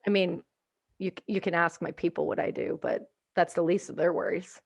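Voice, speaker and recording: A woman from Canada hosting a podcast, telling stories in an animated way and acting out what people said. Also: lowish voice, moderate pace. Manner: animated storyteller, acts out quotes, swings loud. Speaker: podcast host. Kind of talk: casual podcast chat.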